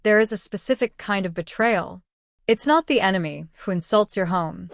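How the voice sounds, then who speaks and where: A woman reading a slow, grave, solemn narration. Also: mid-range voice, gravelly, faint music behind.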